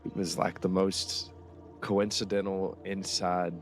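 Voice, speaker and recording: Low, gravelly man swapping roleplay stories. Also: level tone, takes it slowly, soft background music. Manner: laid-back, profane anecdote telling. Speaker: roleplayer in a western game. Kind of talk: in-character roleplay chat.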